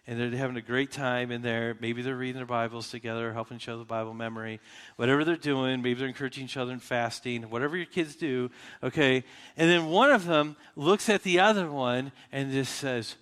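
In a reverberant hall, a pastor who is an adult with children delivers a sermon in a clear, resonant, mid-range voice with a bit of brightness. His style is conversational, marked by frequent restarts and rhetorical questions aimed at the congregation.

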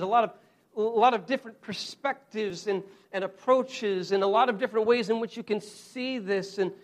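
A male preacher with a notably high voice delivers a sermon. He talks earnestly and directly to his listeners, as if in conversation. He stresses his main points by repeating them slowly. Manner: earnest, repeats key phrases slowly for emphasis; conversational, addresses the congregation directly.

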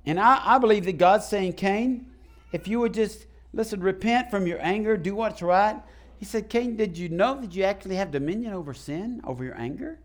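A man's voice: high voice, expressive, moderate pace. A man preaching a sermon to his congregation in a church, calling out questions to the people. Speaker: pastor. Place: church sanctuary.

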